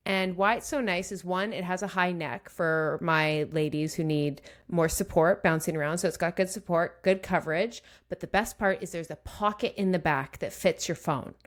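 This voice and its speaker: Casting: woman podcast co-host, slightly low voice, easygoing and enthusiastic. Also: moderate pace, few pauses. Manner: upbeat, enthusiastic product recommendations. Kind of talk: casual chat.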